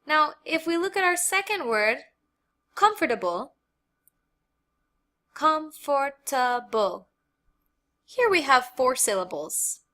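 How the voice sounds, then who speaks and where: An American woman teaching an English grammar lesson, explaining slowly and carefully and repeating key words for learners. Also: high-pitched, big pitch swings, pushed and bright.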